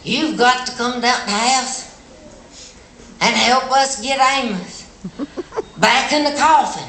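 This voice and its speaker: Give me a fussy old Appalachian widow, put on by a woman storyteller, fretful and higher pitched, in a noisy echoey space. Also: takes it slowly, fairly bright tone. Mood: frantic. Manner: frantic, scolding, plainspoken. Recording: echoey live venue with background noise.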